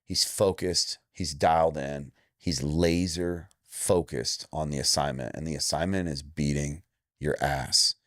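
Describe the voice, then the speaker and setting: A man's voice: steady tone, measured pace, fairly bright tone, no room sound, studio quality. Blunt, emphatic man in his forties. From Indiana, USA. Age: 40s. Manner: blunt, emphatic, acts out quoted lines with jumps in pitch. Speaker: MMA coach, guest. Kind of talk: candid interview talk.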